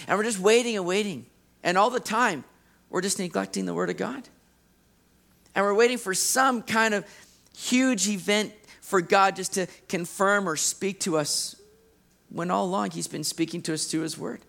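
High-voiced, animated male preacher. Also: normal speed, creaky. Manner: animated, acts out quoted voices with big pitch swings. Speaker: pastor. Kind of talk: sermon.

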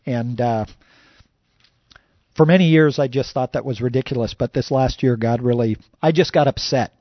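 A man's voice: mid-range voice, normal speed, no room sound, lo-fi sound. A man preaching a sermon as a pastor, conversational and full of "you know" fillers.

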